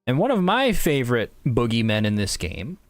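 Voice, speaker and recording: A man's voice: medium pitch, wildly swooping pitch, moderate pace, no echo, soft background music. A man giving casual, rambling let's-play commentary with wry, self-mocking jokes. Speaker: gaming YouTuber.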